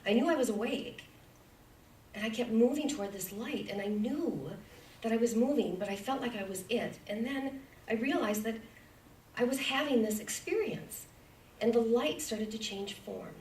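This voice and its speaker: A woman's voice: fairly high pitch, normal speed, a little hiss or hum. Woman speaking from afar in an echoey church. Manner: earnest, dips into soft whispers. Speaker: guest speaker. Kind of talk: personal testimony talk. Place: church sanctuary. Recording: echoey church hall from far off.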